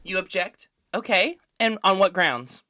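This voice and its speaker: A woman's voice: medium pitch, lively intonation, a little slow, sharp tone, dry recording, clean studio sound. A woman playing a scatterbrained, unsure judge who runs a silly trial in an improvised comedy bit. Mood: flustered. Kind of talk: improvised comedy role-play.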